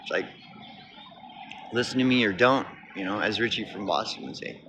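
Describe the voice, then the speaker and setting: A man's voice: lowish voice, normal speed, fairly bright tone. A man from Oklahoma vlogging outdoors beside a road, in a rambling, cynical, profane rant that often restarts. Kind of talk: casual rant to camera. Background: passing traffic.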